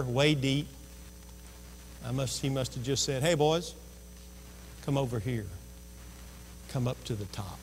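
Male pastor preaching, higher than usual pitch, echo of a large church hall. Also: a little hiss or hum. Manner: storytelling preacher who acts out voices. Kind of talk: sermon. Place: church sanctuary. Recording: long reverb of a church hall.

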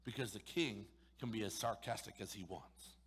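Pastor guy preaching hard, sarcastic, drops to a hush sometimes, echoey church hall. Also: on the low side, moderate pace, slightly rough. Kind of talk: sermon. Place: church sanctuary.

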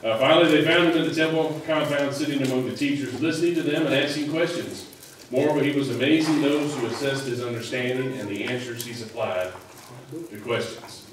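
A man's voice: mid-range voice, brisk, slight background noise. A man preaching a sermon in a loose, conversational way, full of fillers and restarts. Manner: conversational, rambling with many fillers. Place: church sanctuary. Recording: echoey hall, mic at a distance.

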